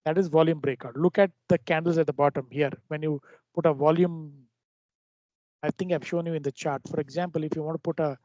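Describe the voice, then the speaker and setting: A man with a fairly high voice walks through a trading lesson, stopping and restarting his sentences as he explains. The recording sounds dull and lo-fi, dry with no room around it. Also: steady tone, mellow, dry recording. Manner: halting explanations with frequent restarts. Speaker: trading teacher. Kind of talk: screen-share trading lesson.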